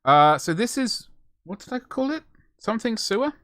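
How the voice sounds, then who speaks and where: A man's voice: high voice, big pitch swings, normal speed, a bit bright, no room sound, clean studio sound. A young man chatting casually and jokingly while painting miniatures on a live stream, rambling with self-mocking asides.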